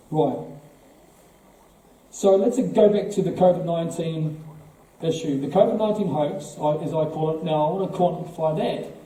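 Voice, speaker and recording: Speaking for a political party, a New Zealand man delivers a speech to a live audience, driving his points home with rhetorical questions and repeated words. His voice is fairly high but very dark and mellow, and it's picked up from far off in a large, heavily echoing hall.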